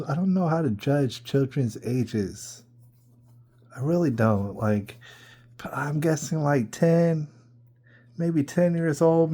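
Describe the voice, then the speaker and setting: Podcast host, male, fairly high but warm and dark-toned; casual storyteller, disbelieving, keeps repeating himself. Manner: incredulous, full of rhetorical questions and repeats.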